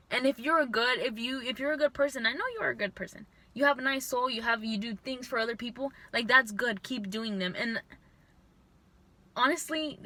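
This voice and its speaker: A young woman vlogger telling a storytime to camera, venting in an animated, frustrated way. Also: on the high side, no echo.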